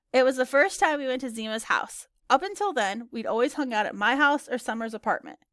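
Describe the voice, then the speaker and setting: A woman narrating a children's story in an animated, bright reading style. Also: on the high side, no room sound, studio quality. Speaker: audiobook narrator.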